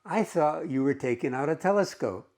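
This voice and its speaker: A male teacher reading the lines of a cheeky, sarcastic old woman on a park bench, raising his pitch a little for her. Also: lively intonation, moderate pace, darkish tone. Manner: sarcastic, teasing.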